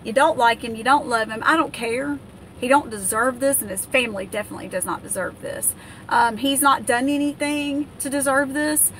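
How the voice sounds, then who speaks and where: A livid American woman, a political vlogger, delivers a heated, indignant rant full of fillers and restarts. Her voice is high and bright, with a steady tone at normal speed, and faint background noise sits under the recording.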